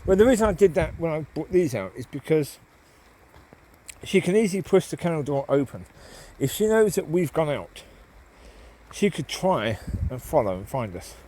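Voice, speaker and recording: A man's voice: a little high, sing-song, moderate pace, dark tone, slight background noise. A man with a nasal voice talking casually while walking his dogs outdoors in the woods, with plenty of ums. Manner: rambling, many ums, calls out to dogs. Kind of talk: casual walk-and-talk monologue.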